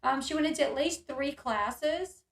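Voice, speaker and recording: A woman's voice: sits high, a little slow, reverberant. A woman hosting a live online discussion, reacting with indignation and answering viewers' comments. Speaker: channel host reading chat and commenting.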